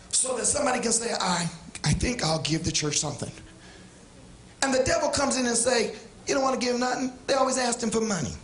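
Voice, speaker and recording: A man preaching a sermon with passion, swinging from shouts down to quiet asides. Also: high voice, echoey room. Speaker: pastor. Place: church sanctuary.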